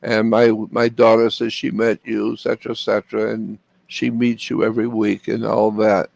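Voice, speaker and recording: Older man from Florida, gravel in the voice, dry close sound, earnest storyteller. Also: lowish voice, level tone, normal speed, darkish tone, no room sound. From Florida, USA. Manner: earnest, repeats phrases for emphasis. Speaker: interview guest. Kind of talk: personal storytelling.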